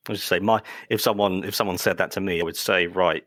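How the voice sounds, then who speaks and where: A man's voice: sits low, fairly even intonation, fast, fairly bright tone, no echo. A man on a podcast making an earnest point, hesitating with fillers as he builds his argument. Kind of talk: casual podcast discussion.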